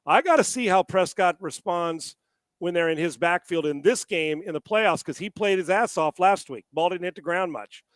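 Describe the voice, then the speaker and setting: A man co-hosting a casual sports talk show, animated and profane, often stammering and restarting his sentences. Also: sits high, moderate pace, clear, resonant tone, no echo. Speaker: sports analyst co-host.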